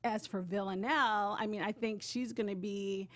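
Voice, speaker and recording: A woman co-hosting a casual TV recap show, chatty and hesitant with frequent pauses. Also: mid-range voice, steady tone, a bit bright, no echo. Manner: chatty, hesitant with many ums. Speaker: co-host.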